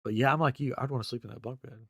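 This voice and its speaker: A man hosting a casual podcast chat, telling stories in an animated way with frequent laughs. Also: medium pitch, rapid-fire, vocal fry, breathy edge, no echo, clean studio sound. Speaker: podcast host.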